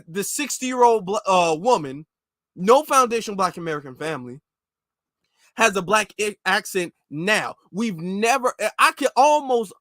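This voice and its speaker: A man's voice: sits high, bright, forceful tone, dry recording. A man giving opinionated commentary on a close mic, talking in an incredulous, repetitive, ranting way. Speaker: commentary vlogger.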